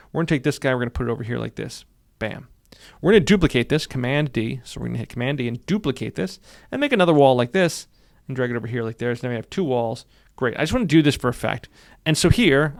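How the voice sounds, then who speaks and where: Fast-talking man with a gravelly voice. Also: medium pitch, no room sound, studio quality. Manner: upbeat, repeats phrases while narrating clicks. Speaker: software instructor. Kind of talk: screen-recorded tutorial.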